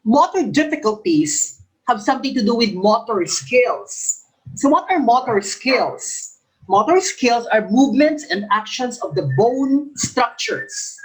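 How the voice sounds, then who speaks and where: A man's voice: very high voice, very animated, measured pace, rough recording. A male English professor with a lisp, coaching future teachers through exam questions by reading each one twice and explaining the answer. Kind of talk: exam review lecture.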